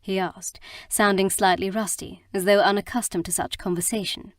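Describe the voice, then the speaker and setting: A woman narrating a romance audiobook in an even, measured storytelling manner. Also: fairly low pitch, no room sound, studio quality. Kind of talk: scripted narration.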